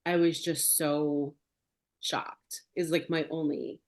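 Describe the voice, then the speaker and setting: A woman's voice: sits low, flat delivery, takes it slowly, a little mellow. A woman hosting a podcast, telling a personal story in a casual, chatty way full of filler words. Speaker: podcast host.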